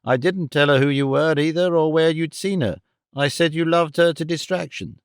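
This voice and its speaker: A man voicing an eccentric older male clerk who talks in an excited, fussy, reassuring way. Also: on the high side, normal speed, clean tone, dry recording, clean studio sound, natural voice. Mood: eager.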